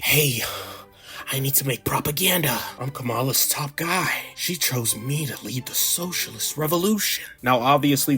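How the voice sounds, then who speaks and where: A man hosting a crude satirical commentary vlog, ranting in a sarcastic, profane, deadpan way. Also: mid-range voice. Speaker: host.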